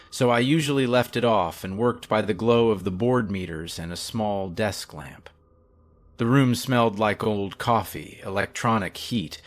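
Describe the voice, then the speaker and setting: Male narrator, lowish voice, steady and hushed for a creepy story. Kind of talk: scripted horror narration.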